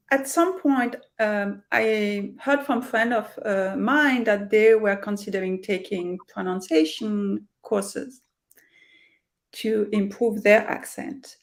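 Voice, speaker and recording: A middle-aged woman with a French accent, a career coach speaking earnestly and reflectively in an interview over a video call, with many fillers and restarts. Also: on the high side. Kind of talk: interview conversation.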